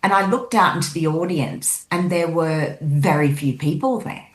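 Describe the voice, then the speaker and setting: A woman, a guest on a show, recounting a dream in lively storytelling style and acting out the people in it. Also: low voice, normal speed. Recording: echoey room.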